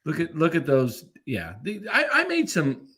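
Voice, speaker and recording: A man talking sports with friends in an excitable way, his pitch rising and falling widely as he argues his theories. His voice sits a little higher than most men's. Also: moderate pace, breathy edge. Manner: excitable, laughs often, pushes his theories. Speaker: podcast co-host. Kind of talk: casual sports chat.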